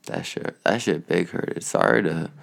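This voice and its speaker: Deep gravelly young man chatting. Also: a little slow. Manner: rambling, profane, laid-back storytelling. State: tired, yawning. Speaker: vlogger. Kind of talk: casual chat.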